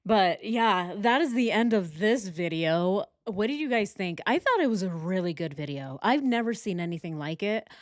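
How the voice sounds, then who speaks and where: A woman talks over a video she is reacting to, casual and openly sarcastic. Her voice sits at a middle pitch, and the recording is close and dry with no room sound. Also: animated, normal speed, few pauses, no room sound. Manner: sarcastic, mocking. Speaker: true crime reaction host.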